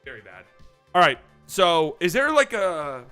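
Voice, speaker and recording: Male stream host, casual and profane, crisp bright voice pitched a bit high. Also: measured pace, soft background music. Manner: excitable and profane, acting out mock phone calls. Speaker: livestream host. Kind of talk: casual livestream commentary.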